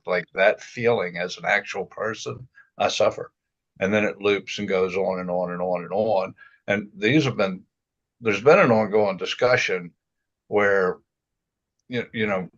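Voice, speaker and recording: Low-voiced man, halting, muffled call audio. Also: a bit bright. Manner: halting, searching, frequent restarts. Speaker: self-inquiry group member. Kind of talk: reflective casual chat. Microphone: video call.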